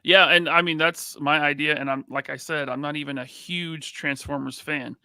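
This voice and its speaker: A man's voice: a little high, fairly even intonation, bright, forceful tone, clear, resonant tone, dry recording, studio quality. A man hosting a live podcast, greeting chat members by name in a casual, upbeat way. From United States. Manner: reads out chat names with quick greetings. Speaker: podcast host.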